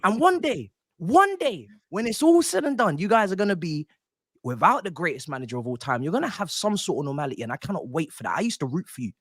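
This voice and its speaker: A man's voice: sits high, sing-song, fast talker, a bit bright, no room sound, studio quality. A man, a football fan panelist delivering a theatrical, mock-indignant rant.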